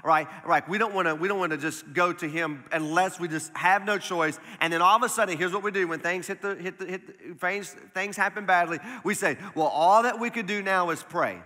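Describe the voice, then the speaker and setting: A man's voice: sits high, fairly even intonation, brisk, few pauses, sharp tone. Conversational male pastor in an echoing church. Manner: conversational, repeats words when emphatic. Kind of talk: sermon. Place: church sanctuary.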